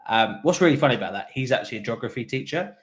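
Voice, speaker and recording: A man's voice: medium pitch, lively intonation, very fast. A man appearing as a podcast guest, telling stories with self-deprecating jokes. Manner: self-deprecating, joking storyteller. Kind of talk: casual video-call chat.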